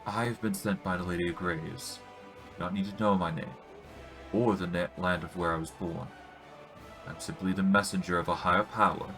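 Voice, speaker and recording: Man reading as a stern priestess of death, calm, measured, low voice. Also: soft background music. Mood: solemn. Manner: solemn, measured.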